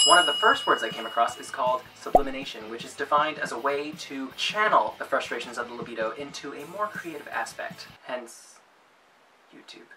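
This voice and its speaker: A man's voice: medium pitch, animated, brisk. A man telling a comic vlog monologue in a playful, self-mocking way. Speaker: vlogger. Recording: distant mic with music behind.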